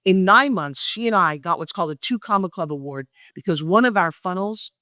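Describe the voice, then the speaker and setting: Animated woman telling a story. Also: brisk, no room sound, studio quality. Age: middle-aged. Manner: acts out quoted dialogue with lively pitch jumps. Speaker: guest, pitch expert and speaker.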